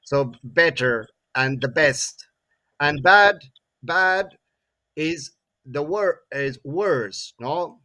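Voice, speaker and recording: Slow male English teacher. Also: a little high, animated, bright, forceful tone. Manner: frequent tag questions "no?" and "eh?", repeats words. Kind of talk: classroom grammar lesson.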